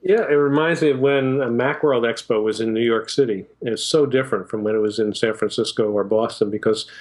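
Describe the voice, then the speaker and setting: A man's voice: medium pitch, fairly quick, a little mellow, low-quality recording. A man talking as a guest in a casual interview on a video call, joking in a dry way. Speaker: guest commentator.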